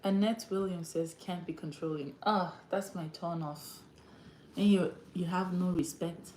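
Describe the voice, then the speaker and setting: A woman's voice: lowish voice, fairly even intonation, a little slow, darkish tone, reverberant, a little hiss or hum. A woman with an African accent hosting a casual livestream chat, often breaking into laughter and acting out the voices she quotes. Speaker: livestream host.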